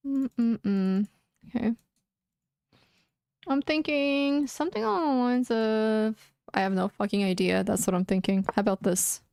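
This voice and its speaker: A woman's voice: a little high, moderate pace, gravelly, a little mellow, smooth, dry recording, studio quality. A young woman streaming chess, muttering anxious, casual commentary to herself and repeating words as she plays. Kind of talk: casual live-stream commentary while playing.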